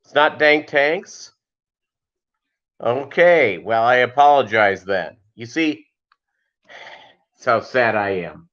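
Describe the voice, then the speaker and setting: A man's voice: medium pitch, lively intonation, takes it slowly, pauses often, fairly bright tone, lo-fi sound. A man hosting a casual livestream, greeting viewers by name and rambling with lots of fillers. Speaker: fishkeeping livestream host.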